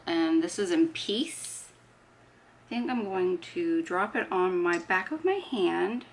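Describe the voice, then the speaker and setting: In a lowish voice with slight background noise, a woman does her makeup and narrates each step, teasing herself along the way. She's a beauty vlogger having a relaxed get-ready-with-me chat.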